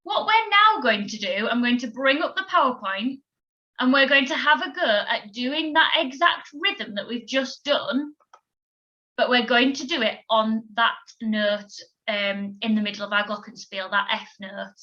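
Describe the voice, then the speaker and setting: Woman music teacher, bright voice, fairly high, encouraging, counts beats aloud, dull lo-fi audio. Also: a little slow. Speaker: primary school music teacher. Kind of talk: recorded music lesson for children.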